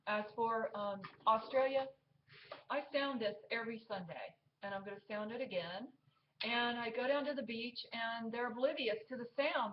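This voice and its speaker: A woman's voice: fairly high pitch, highs cut off, slight background noise. A woman vlogger preaching to her viewers in an emphatic, scolding way, full of fillers and restarts. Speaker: Christian vlogger. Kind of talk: preachy exhortation to camera.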